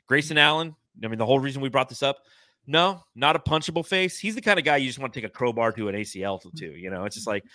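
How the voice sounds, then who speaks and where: A man's voice: mid-range voice, lively intonation, quick pace, sharp tone, no room sound. A man hosting a casual sports podcast, joking and blunt with some swearing, reading viewer comments from a live chat. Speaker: podcast host.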